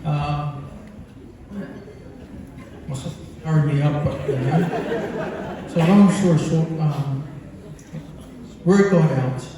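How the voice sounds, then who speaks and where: A man's voice: fairly high pitch, steady tone, slow, long pauses, crowd noise. Kiwi man rambling through a speech, echoey hall. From New Zealand. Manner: rambling, humorous storytelling with many fillers. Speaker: son giving a birthday speech. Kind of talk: speech to a gathering. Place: large function hall. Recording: echoey hall, captured from far off.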